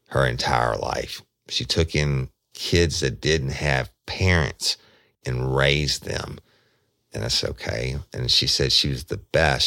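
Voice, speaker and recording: Very deep gravelly man storyteller. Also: slow pace, pushed and bright, dry recording, studio quality. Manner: folksy, addresses listeners as y'all, quotes himself at length. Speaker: retired detective telling a case. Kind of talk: casual spoken storytelling.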